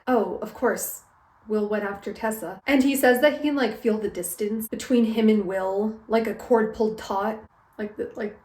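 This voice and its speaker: A woman's voice: a little high, darkish tone, echoey room. A young woman casually recapping a novel for her vlog, gushing and emotional, filling her talk with "like" and frequent laughs, recorded on a phone camera. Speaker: book vlogger. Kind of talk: casual chatty book recap. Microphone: phone back camera.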